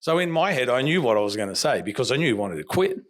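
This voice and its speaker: A man's voice: mid-range voice, lively intonation, fast talker. A man, a boxing coach telling a story on a podcast and acting out the lines of each person in it. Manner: emphatic storyteller who acts out quoted dialogue.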